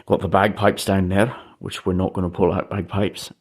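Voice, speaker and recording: A man's voice: low voice, little pitch movement, normal speed, husky. A young man vlogging casually indoors, chatting to his viewers as he goes and speaking through the camera mic. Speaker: hobby vlogger. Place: indoor room lit by disco lights.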